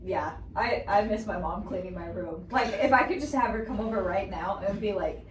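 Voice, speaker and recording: A woman's voice: mid-range voice, moderate pace. A young woman hosting a student podcast, chatting casually and giggling often. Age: young adult. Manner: giggly, chatty, says "like" and "bro" a lot. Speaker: podcast host. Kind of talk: casual chat. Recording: roomy sound, mic at a distance, faint noise.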